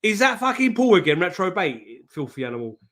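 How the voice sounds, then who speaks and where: A man hosts a live stream in an easy, matey way. His voice sits a little high for a man. He swears freely, laughs often and greets each viewer by name. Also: very animated, a little fast, fairly bright tone. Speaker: host of a live trading stream. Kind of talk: casual live-stream chat.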